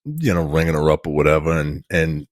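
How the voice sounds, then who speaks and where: A man co-hosting a casual movie review podcast, profane and animated, retelling scenes. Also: rumbling low, fairly quick, dry recording, studio quality. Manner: animated, profane, recounts scenes with acted quotes. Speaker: podcast co-host.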